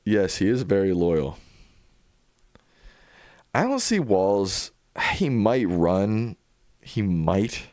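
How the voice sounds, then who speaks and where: A man hosting a casual livestream, chatting in a relaxed way and thinking aloud as he answers viewers. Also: lowish voice, drawn-out words, long pauses, no echo, studio quality. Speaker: livestream host.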